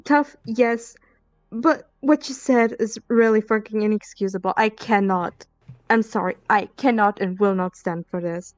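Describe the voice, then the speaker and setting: A woman's voice: medium pitch, moderate pace, darkish tone, no room sound, faint music behind. A woman on a casual voice call, speaking in an earnest, strained way and swearing often.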